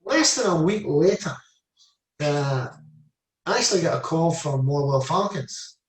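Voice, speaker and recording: A man's voice: on the high side, animated, unhurried. Older Scottish man, roomy distant sound. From Scotland. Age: 70s. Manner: rambling anecdotes, lots of "I said" and "you know". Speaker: interview guest, former footballer. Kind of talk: casual storytelling. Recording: echoey room, mic at a distance.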